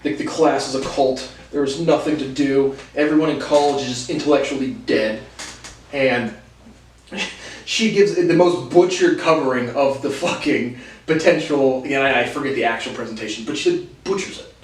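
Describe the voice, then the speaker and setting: A man's voice: medium pitch, normal speed, recorded from a distance. A young man telling college stories in a casual monologue, profane and sardonic, laughing between lines. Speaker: host. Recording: roomy echo, voice off-mic, faint noise.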